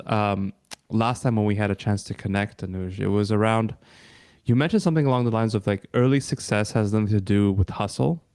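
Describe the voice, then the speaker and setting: A man with a fairly low voice hosts a podcast and puts his questions to a guest. He talks casually and haltingly, full of fillers, and the recording sounds close and dry. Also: darkish tone, dry recording. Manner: hesitant, many fillers and restarts. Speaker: podcast host.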